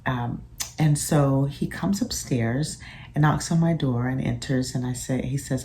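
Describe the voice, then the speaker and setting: A woman, a physician and mother, sharing parenting reflections in a casual vlog, soft-spoken and thoughtful with frequent pauses. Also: extremely low pitch, slight background noise.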